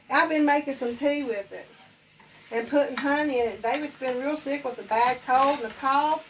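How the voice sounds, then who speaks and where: A woman's voice: high voice, moderate pace, pauses often, recorded from a distance, a little hiss or hum. A woman with an Appalachian accent, hosting a home cooking show, chatting casually and rambling while she cooks in her kitchen.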